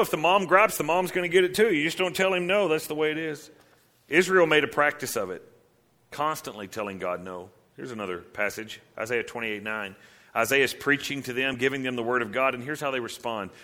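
A man preaching, his voice bright and carrying as he fires off rhetorical questions. He leans into the voices of the people in his stories and then drops back to explain verse by verse. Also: mid-range voice, brisk. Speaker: pastor. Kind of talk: sermon.

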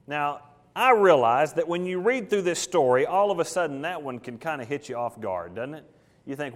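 A male pastor with a fairly high, very animated voice preaches an expository sermon at a moderate pace. He speaks conversationally, puts questions to his congregation, and voices what biblical figures might have thought as quoted lines.

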